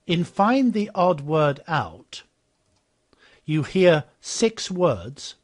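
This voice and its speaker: A man's voice: a little high, very slow. Man walking through a teaching program. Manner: explanatory, steady, repeats model phrases after the clips. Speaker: software demonstrator. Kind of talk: software walkthrough narration.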